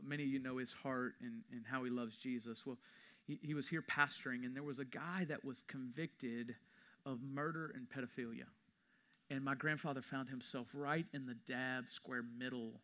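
Bright-voiced pastor preaching. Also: male voice, medium pitch, steady tone, normal speed. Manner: conversational storytelling, rising to emphatic preaching. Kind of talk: sermon. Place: church sanctuary.

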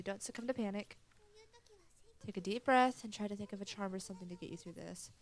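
A woman's voice: medium pitch, fast. A woman playing a horror game, reading every character's lines aloud in her own voice. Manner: reads all characters in her own voice, lightly acted. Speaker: let's play gamer.

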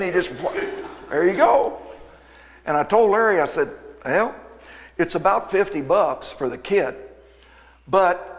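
A folksy man spins a lively shop story for a crowd, jumping into the voices of the people in it. His voice sits at an ordinary pitch, and it rings out with a long hall reverb. He sounds like a practiced speaker at an event. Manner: folksy, animated anecdote-telling with quoted dialogue. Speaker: aircraft mechanic and speaker. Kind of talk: storytelling talk to an audience.

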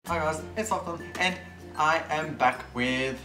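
A man hosting a vlog, talking in quick, upbeat casual chat. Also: a little high, roomy sound, distant mic, over music. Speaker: vlogger host.

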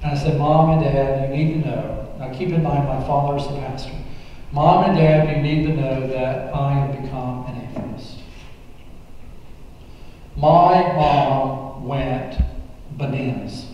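A man's voice: mid-range voice, far from the mic, highs cut off, a little hiss or hum. Man preaching in an echoey church hall. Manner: halting, many fillers and restarts. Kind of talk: personal testimony sermon.

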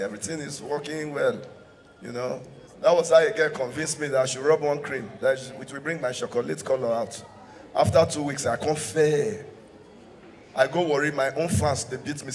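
A man with a Nigerian accent performing live stand-up comedy, switching between English and Pidgin and laughing at his own jokes. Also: mid-range voice. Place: live show venue in a hall. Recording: hall reverb from a live stage mic.

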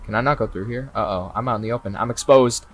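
A young man doing live commentary on a horror game, excitable and swearing freely, talking straight to the characters and breaking into sudden yells. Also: on the low side, very fast, breathy edge. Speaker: streamer. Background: faint game music.

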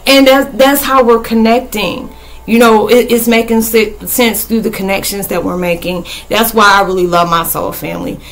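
A woman's voice: medium pitch, steady tone, normal speed, a bit bright. A woman vlogger talking casually to her viewers about spirituality, rambling with many fillers and restarts.

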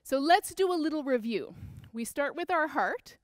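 A woman's voice: sits high, expressive, normal speed, no room sound, studio quality. Upbeat woman teaching kids' dance. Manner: upbeat, counting out moves and cueing children. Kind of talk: kids' creative movement class. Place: dance studio with a piano.

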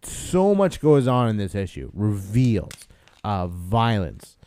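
A man's voice: on the low side, sing-song, slow, dark tone. A man co-hosting a casual comic book podcast, retelling scenes animatedly and acting out the characters' lines. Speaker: podcast co-host.

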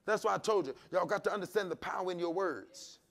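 A male pastor preaching a sermon, shouting and calling on the congregation to answer back. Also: high-pitched, fast talker, vocal fry. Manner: preaching with shouts and call-and-response.

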